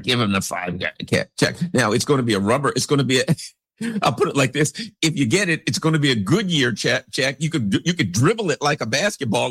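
A man's voice: breathy edge, no room sound, clean studio sound. A man giving a rambling, casual commentary monologue, acting out the people in his stories. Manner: rambling, animated, swoops into big pitch jumps; acts out characters in anecdotes.

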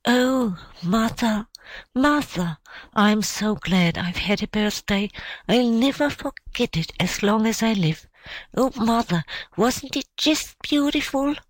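A small girl's voice, high, breathless and brimming with feeling, as a woman reading a storybook puts her on. The sound is close and dry. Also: lively intonation, slow, no echo, rough recording. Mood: overjoyed. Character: little girl, joyful and tearful. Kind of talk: storybook character voice.

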